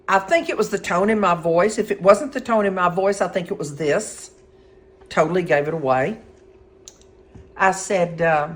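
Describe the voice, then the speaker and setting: Middle-aged woman storyteller, folksy and lively, fairly low voice. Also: moderate pace. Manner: folksy, animated, acts out quotes. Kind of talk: casual spoken storytelling.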